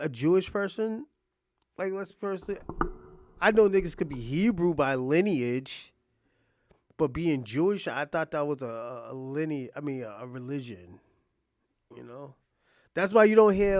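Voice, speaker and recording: A young man casually commenting on an interview clip, rambling and thinking out loud with many restarts. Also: a little high, normal speed, no echo. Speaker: reaction streamer.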